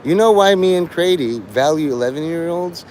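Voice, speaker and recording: A man's voice: fairly high pitch, animated, normal speed, a little mellow, a little hiss or hum. A man hosting a livestream, lecturing and taunting his chat like a mock teacher.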